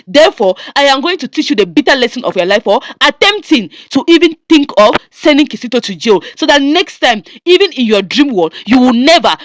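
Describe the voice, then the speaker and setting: A woman's voice: high voice, big pitch swings, a little fast, few pauses, no room sound. A woman voicing a cruel, scheming husband who gloats and threatens. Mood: gloating threats.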